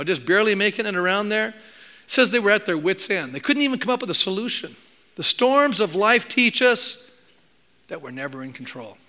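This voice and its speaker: A male pastor from Canada preaching a sermon in a church, telling stories with lively acted-out quotes and joking with the congregation. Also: high-pitched. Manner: animated storytelling, acts out quoted voices, jokes with the congregation.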